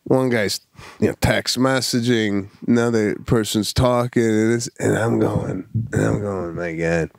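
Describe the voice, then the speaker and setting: Gravelly comic podcast co-host. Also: male voice, fairly low pitch, no echo. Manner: animated, self-mocking, quick bursts. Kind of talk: casual comedic storytelling.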